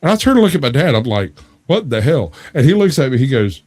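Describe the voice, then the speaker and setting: A man's voice: medium pitch, quick pace. A young man casually telling a long family story, laughing often and acting out the people he quotes. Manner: animated, laughs often, acts out quoted voices. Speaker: debate show guest.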